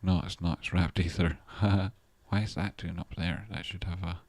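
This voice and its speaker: A man's voice: low-pitched, flat delivery, normal speed, darkish tone, dry recording. A man hosting a casual live stream, rambling and thinking aloud about stock charts, with the odd swear word. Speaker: trader and channel host.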